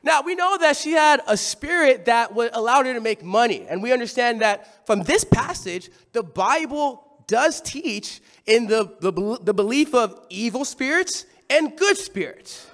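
Male preacher with an unusually high, expressive voice; animated, conversational sermon delivery. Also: measured pace, few pauses.

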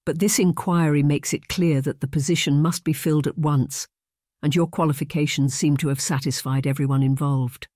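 A man's voice: a little high, fairly even intonation, moderate pace, a little mellow, no echo, studio quality, lightly acted. A man voicing a gracious cheerful noblewoman. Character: kindly cheerful middle-aged noblewoman employer.

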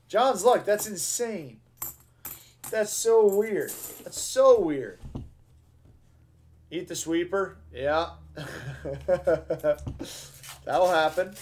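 A man hosts a live stream, chatting casually with his viewers in a slangy, excitable way. His voice sits a little high for a man. He takes his time and drawls through his words. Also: takes it slowly, long pauses. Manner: excitable and slangy, with loud bursts over finds. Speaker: host of a live coin-roll hunting stream.

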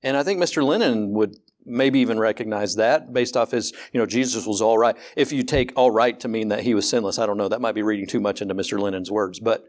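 A man preaching a sermon as pastor, candid and conversational, often repeating words and slowing down to stress a point, with rising rhetorical questions. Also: fairly low pitch, darkish tone.

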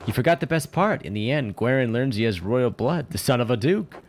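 A man's voice: medium pitch, animated, a little fast, a little hiss or hum, voice pushed up, natural voice. A man reading as an eager young artist. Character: curious young male artist, eager and cheeky.

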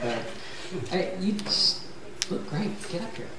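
A man's voice: sits high, lively intonation, measured pace, crowd noise. A man leading a spiritual fellowship gathering in a chatty, jokey way, recorded from far off in a large room with an audience. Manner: chatty, jokey, self-mocking. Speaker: service leader. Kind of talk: casual joke-telling to a congregation. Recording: very echoey hall from far off. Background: audience laughing.

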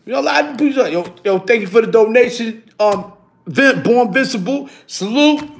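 Creaky and very high-voiced, a man in his fifties spins casual tales on his YouTube stream at a brisk clip. He's animated and keeps slipping in "you heard?"

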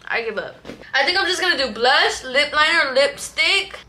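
Brief: young woman in her twenties, tipsy, high bright voice, giggly rambling vlog chatter full of slang, recorded on a phone at home. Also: expressive, normal speed. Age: 20s. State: tipsy, drunk. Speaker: vlogger. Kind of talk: drunk get-ready-with-me chat. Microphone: phone camera.

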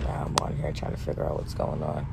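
A young woman with a hoarse, worn voice talks brashly and swears freely. She chats loosely from a tour bus bedroom into a phone for a live stream, with a faint hum of noise behind her. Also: rumbling low, very animated, quick pace. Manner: brash, profane, laughing often. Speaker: livestream host. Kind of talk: casual live Q&A chat. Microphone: phone held for a social-media live stream.

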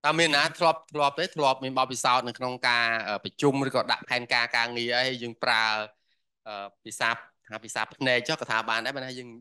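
A man's voice: mid-range voice, very fast, bright, forceful tone, clean tone. A man interpreting a workshop lecture for the audience, with frequent hesitation fillers.

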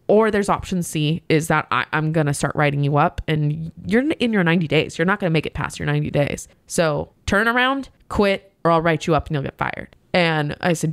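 A woman's voice: on the low side, fairly quick, dry recording. A woman co-hosting a casual chat, animatedly retelling a workplace story and quoting the people in it. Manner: animated retelling, quoting others, frequent laughs. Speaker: podcast co-host, hotel manager.

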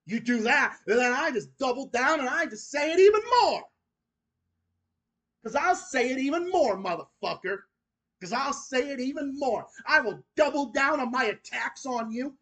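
A man's voice: very high-pitched, lively intonation, moderate pace, a bit bright. A man hosting his own channel, delivering an angry, profane, repetitive rant that goes straight at his critics. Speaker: channel host.

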